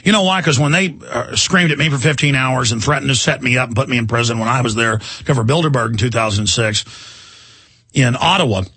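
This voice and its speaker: A man's voice: mid-range voice, a little fast, sharp tone, breathy edge, dry recording. A man hosting a talk radio show, rambling and indignant in an emphatic monologue from a studio.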